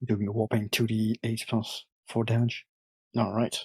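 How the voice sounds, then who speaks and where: A man with a slightly husky voice declares his moves in a tabletop game and double-checks the rules in a plain, matter-of-fact way. The sound is close and dry, with almost no room around it. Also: lowish voice, monotone, moderate pace, no room sound. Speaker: player. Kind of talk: casual tabletop play.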